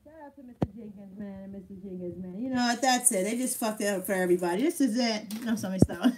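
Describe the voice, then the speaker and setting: A woman's voice: mid-range voice, fast, far from the mic, noisy background. Brash swearing woman on a live Q&A. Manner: blunt, loud, laughing, swears freely. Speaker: battle rapper answering viewer questions. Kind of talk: casual live Q&A chat.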